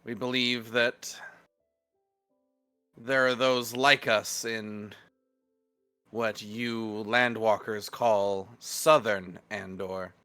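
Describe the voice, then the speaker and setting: A man voicing a formal merfolk woman who is an envoy of a queen, speaking in a measured, solemn way. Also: lowish voice, fairly even intonation, pushed and bright, clear, resonant tone, no echo, faint music behind, heavily acted. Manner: measured, solemn, slow delivery.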